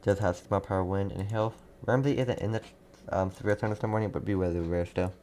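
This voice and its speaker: A young man hosting a live storm-coverage stream, casually reading out viewers' towns and warnings, halting now and then. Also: lowish voice, steady tone, mellow, a little hiss or hum. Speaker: livestream weather host.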